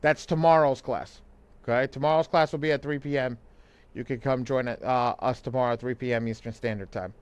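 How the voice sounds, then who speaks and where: A man's voice: medium pitch, steady tone, fairly quick, smooth, dry recording, dull audio. A man co-hosting a live online money class, talking loosely with lots of restarts and easy laughter. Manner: loose and rambling, frequent restarts, laughs easily. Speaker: co-host and credit coach.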